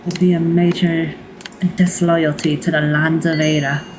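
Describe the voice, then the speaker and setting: A woman with a deep, low voice trades sarcastic jabs in relaxed stream chatter. She teases and swears freely, sounding casual and unbothered. A faint hiss of background noise sits under her voice. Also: measured pace, low-quality recording. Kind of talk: casual banter while streaming.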